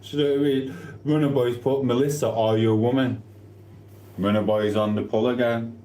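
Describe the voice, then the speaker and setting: A man's voice: on the low side, a little mellow, slight background noise. A man chatting casually on a live stream, reading out viewer comments while he eats. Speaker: livestreamer. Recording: echoey room.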